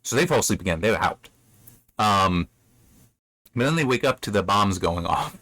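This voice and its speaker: Male host, low voice, dry close recording, casual rambling recap with fillers. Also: animated, moderate pace, bright, forceful tone, dry recording. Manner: loose retelling with frequent fillers and self-corrections. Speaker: book review host. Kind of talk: casual chapter recap and commentary.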